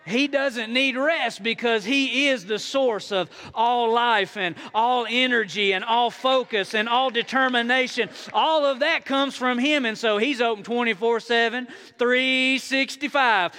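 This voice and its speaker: A male pastor with a high, bright, clear voice delivers a sermon to his church. He talks in a loose, folksy way, jokes with the congregation, then surges loud or falls quiet. His tone is crisp and ringing. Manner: conversational preaching with sudden rises and quiet drops; folksy, playful asides to the congregation.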